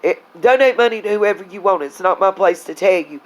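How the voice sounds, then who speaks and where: A woman's voice: mid-range voice, lively intonation, fairly quick, few pauses, low-quality recording. A woman, angrily venting to her viewers in a casual vlog, blunt and heated, talking to them as y'all. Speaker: vlogger. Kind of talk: angry casual vlog rant.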